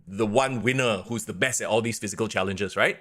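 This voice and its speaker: A man's voice: on the low side, brisk. A man co-hosting a wrestling podcast in a casual, rambling chat full of fillers. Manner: animated, rambling, lots of fillers. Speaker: podcast co-host.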